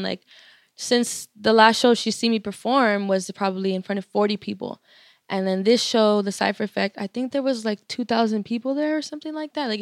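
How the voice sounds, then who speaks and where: A woman's voice: mid-range voice, a bit bright, clear, resonant tone, no room sound, studio quality. A young woman, a musician guest, telling stories in a casual, profane way full of filler words. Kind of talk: casual interview storytelling.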